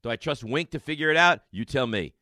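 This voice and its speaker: A man hosting a sports radio show, talking in an emphatic, excitable monologue full of rhetorical questions and repeated lines. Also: mid-range voice, quick pace, no room sound, studio quality.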